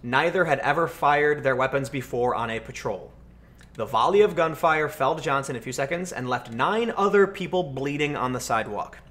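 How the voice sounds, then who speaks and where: An American man hosting a livestream, answering chat questions and telling stories in a casual, animated way. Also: mid-range voice, moderate pace. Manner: animated storytelling, acts out voices in anecdotes. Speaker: livestream host.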